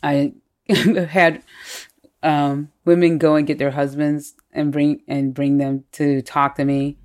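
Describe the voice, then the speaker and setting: A woman telling personal stories in a candid, animated way during a casual conversation. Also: low-pitched, takes it slowly.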